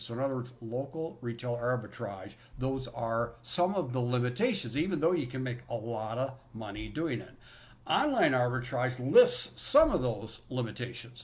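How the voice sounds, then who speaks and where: Enthusiastic man presenting a business course. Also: mid-range voice. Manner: enthusiastic, conversational, repeats "in other words". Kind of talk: live sales-course presentation.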